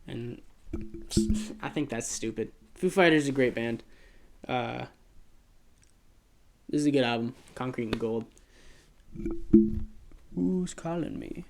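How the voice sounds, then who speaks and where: A man's voice: mid-range voice, slow pace, vocal fry, pauses often, soft background music. A young American man chatting casually about his records, with lots of fillers and restarts. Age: young adult. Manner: rambling, self-deprecating, many fillers and restarts. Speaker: vlogger. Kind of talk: casual chat.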